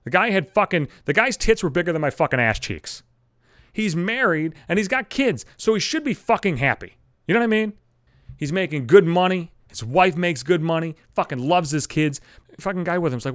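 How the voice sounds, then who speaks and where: A podcast host vents alone at home through a studio mic, blunt and profane from start to finish. His fairly high voice has lively intonation, a moderate pace and a slightly bright quality, with studio-quality audio and no room sound.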